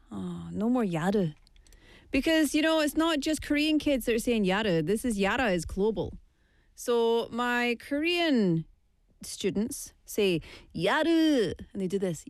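A woman's voice: a little high, no room sound. Chatty woman radio host, dry studio sound. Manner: chatty, playful, switching between English and Korean. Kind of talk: casual radio talk. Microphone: studio microphone.

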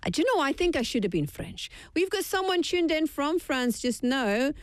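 A woman's voice: sits high, very animated, normal speed, no room sound. A woman hosting a live radio show, chatty and playful, joking at her own expense, speaking into a studio microphone. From Scotland. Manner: chatty, playful, self-mocking. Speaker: radio host.

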